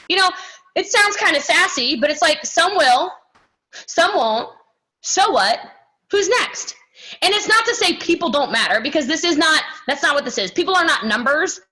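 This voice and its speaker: A woman giving an energetic motivational talk at a team training. She is sassy and emphatic, and keeps checking in with "okay?" and "right?". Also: sits high, poor audio. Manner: animated and sassy, acts out other people's voices.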